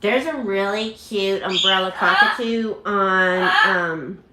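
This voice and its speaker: A woman's voice: mid-range voice, animated, slow pace. Chatty woman hosting a parrot livestream. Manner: chatty, laughing, imitates bird screams. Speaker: parrot channel host. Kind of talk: casual livestream chat with viewers. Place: home full of parrots. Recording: echoey room with loud background noise. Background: parrots squawking.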